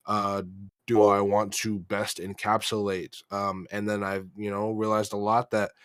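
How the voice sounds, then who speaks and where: Young man, American, low voice, monotone, halting, filler-heavy, dry sound. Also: clear, resonant tone, no room sound. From United States. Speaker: rap artist guest. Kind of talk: interview answers.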